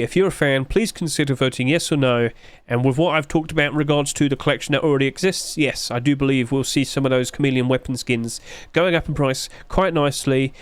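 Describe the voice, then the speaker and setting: A man's voice: mid-range voice, smooth, dry recording. A man hosting a gaming video, talking casually and chattily, chuckling at himself as he rambles.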